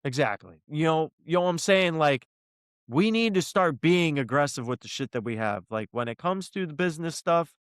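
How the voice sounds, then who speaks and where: Fired-up high-voiced male podcaster. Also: expressive, normal speed, clean tone, no echo, clean studio sound. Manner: worked up, ranting, swears often. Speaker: podcast co-host. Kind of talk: heated casual podcast discussion.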